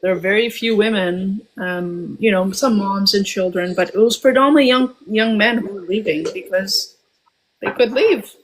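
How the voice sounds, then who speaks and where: A woman in her forties from Albania, telling a personal story as a guest, reflective and often pausing with ums and restarts. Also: medium pitch, slight background noise, rough recording.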